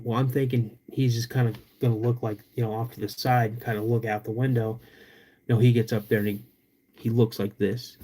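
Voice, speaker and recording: A young man, hosting a podcast and telling a story in an animated, drawn-out way with sudden loud bursts. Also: mid-range voice. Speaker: podcast host.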